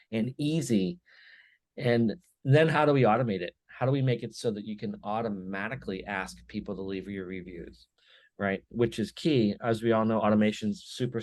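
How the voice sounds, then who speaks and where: A man speaking as a podcast guest in a slightly low voice. He tells his stories with animation and slips into quick acted-out snippets of dialogue. The sound is dry and close, with no room around it. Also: dry recording. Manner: animated storyteller who acts out little dialogues. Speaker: podcast guest, business owner. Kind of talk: casual conversation.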